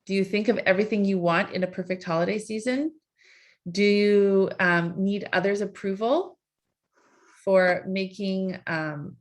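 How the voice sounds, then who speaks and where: Coaxing woman coach asking questions. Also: medium pitch. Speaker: life coach. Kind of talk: live online coaching session.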